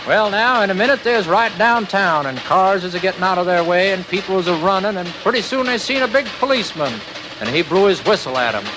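High-pitched and fast, a man tells a children's story on old-time radio in a folksy rural drawl full of lively ups and downs. It comes from a crackly old radio transcription.

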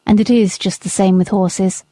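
A woman reading as a stern, principled gentleman squire. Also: medium pitch, fairly even intonation, no echo, lightly acted. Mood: reasoning. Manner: stern, measured rebuke. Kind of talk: audiobook character reading.

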